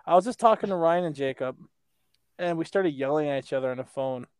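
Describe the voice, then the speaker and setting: A man's voice: fairly high pitch, fast, darkish tone, clean tone, no echo. A man co-hosting a podcast in casual chat, telling a rambling story, swearing and laughing often. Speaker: podcast co-host.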